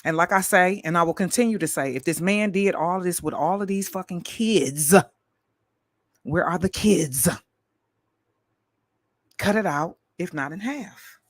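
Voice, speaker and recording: A tired woman hosting a live stream, delivering a fiery, profane rant full of rapid-fire repetition. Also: on the low side, dry recording.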